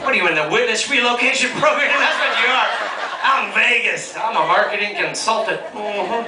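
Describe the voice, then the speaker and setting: A stand-up comedian with a very high voice, loud and mocking as he teases the crowd. He was taped from far off in an echoey ship lounge, with audible room noise and laughter behind him. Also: fairly quick. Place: cruise ship lounge before a live audience. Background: audience laughter.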